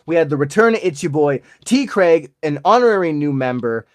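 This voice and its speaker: An Alberta man in his forties, Albertan Canadian accent, opens card packs on his channel in a jokey, chatty way, speaking to his viewers. His voice is a little high and expressive, and he talks a little fast.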